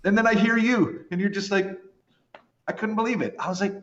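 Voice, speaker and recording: A man's voice: sits high, a little fast, highs cut off. A man in his fifties from Canada, a podcast guest chatting casually, rambling and poking fun at himself. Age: 50s. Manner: rambling, self-deprecating, animated storytelling. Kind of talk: casual chat.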